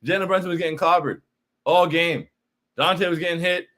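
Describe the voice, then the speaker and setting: A man's voice: on the high side, moderate pace, sharp tone. A young man hosting a postgame livestream, frustrated and repetitive, often saying bro while reacting to chat. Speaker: postgame show host.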